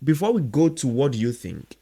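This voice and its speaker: A man's voice: mid-range voice, sing-song, normal speed, warm tone, slightly rough. A man hosting a faith podcast, asking earnest, emphatic questions of his guest. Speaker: podcast host.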